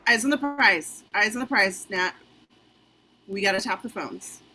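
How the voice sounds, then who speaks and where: A woman's voice: mid-range voice, measured pace, bright, forceful tone, rough recording. A woman reading the part of a confident, flirty female spy in an amateur script reading, with breezy, playful delivery.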